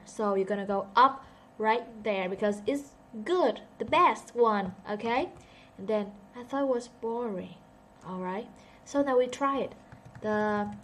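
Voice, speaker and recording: A woman's voice: fairly high pitch, a little hiss or hum. A woman who speaks English as a second language (native Vietnamese) teaches a casual online English lesson, thinking aloud and joking about herself.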